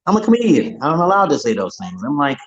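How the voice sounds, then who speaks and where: A man's voice: fairly high pitch, sing-song, quick pace, dull audio, noisy background. A man hosting a casual call-in livestream, rambling and crude, with stammering restarts. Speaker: livestream host. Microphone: online stream call.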